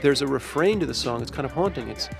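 A man's voice: medium pitch, animated, quick pace, creaky, music in the background. A man, a university professor, answering interview questions in a thoughtful, discursive way.

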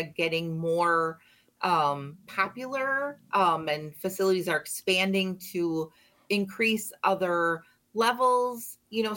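A woman, a radio guest explaining care options in a measured way with frequent ums. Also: mid-range voice, a bit bright. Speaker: manager of a disability and aging resource center. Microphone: studio microphone.

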